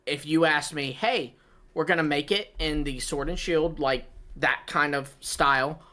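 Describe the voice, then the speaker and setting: A man's voice: fairly high pitch, fairly even intonation, moderate pace, bright, forceful tone. A man co-hosting a podcast, giving easygoing, reasoned opinions in casual chat. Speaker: podcast co-host.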